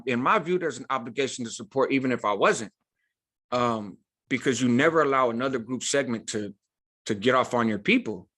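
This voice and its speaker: A man's voice: mid-range voice, a bit bright. A man telling a prison story in an emphatic, casual way, using street slang and frequent "right?" asides.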